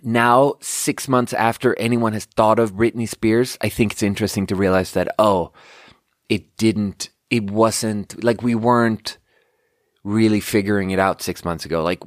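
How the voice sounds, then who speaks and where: Young male podcast host; low voice, rambling, self-interrupting, casual swearing; dry recording. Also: fairly even intonation, moderate pace, no echo.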